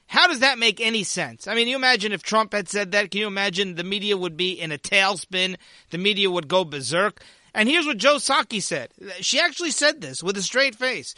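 A man's voice: high-pitched, lively intonation, fairly quick, sharp tone, no room sound, clean studio sound. A man hosting a political commentary show, delivering an opinion monologue in an indignant, sarcastic manner with mocking asides.

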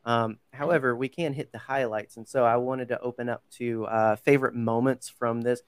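A man hosts a relaxed podcast conversation, rambling with fillers and quick self-corrections. His voice is smooth and clear. The room is dry and close to the mic. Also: medium pitch, dry recording. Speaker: podcast host. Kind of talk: casual podcast chat.

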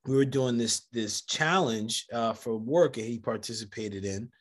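A man hosting a casual conversation, telling animated stories and acting out the voices of people in them. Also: medium pitch, measured pace. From United States, Jamaican family. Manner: animated storyteller, acts out quoted voices. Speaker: podcast host.

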